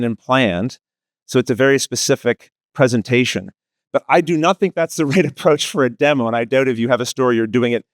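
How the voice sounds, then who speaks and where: Lively East Coast Canadian man presenting. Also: mid-range voice, no echo, clean studio sound. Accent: East Coast Canadian, Maritimes. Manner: lively, self-deprecating, asks the audience questions. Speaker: panel presenter, tutorial video creator. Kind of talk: conference panel talk to live audience. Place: conference room with an audience.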